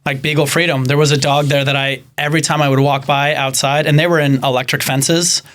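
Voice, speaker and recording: A man who works in animal rescue, a podcast guest, talking in casual chat and telling animated stories that act out the people he quotes. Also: on the high side, brisk.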